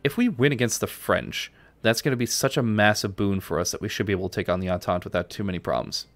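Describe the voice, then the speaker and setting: A man from New York talks through a strategy game on a live stream, answering viewers between moves. His voice sits on the low side and comes across close and dry, with no room sound. He keeps it casual and conversational. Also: quick pace, no echo.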